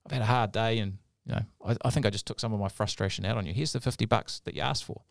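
A man's voice: lowish voice, racing, gravelly, no echo, clean studio sound. A man voicing an overworked, short-tempered father in a story. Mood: apologetic.

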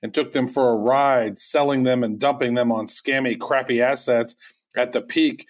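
A man's voice: medium pitch, steady tone, moderate pace. A man co-hosting a podcast, talking in a chatty, rambling way with many restarts. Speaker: podcast co-host. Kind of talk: casual podcast chat.

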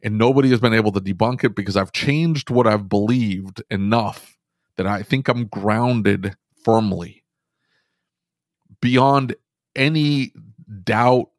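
A man telling a work story in casual podcast conversation, animated, with many restarts. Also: lowish voice, slow, no room sound, studio quality.

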